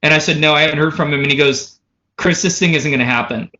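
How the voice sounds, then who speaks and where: Bright-voiced man telling a profane story. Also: on the high side, fast talker, highs cut off. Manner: animated, profane, runs stories with "he goes" and "so anyway". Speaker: drummer and podcast guest. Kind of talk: casual storytelling.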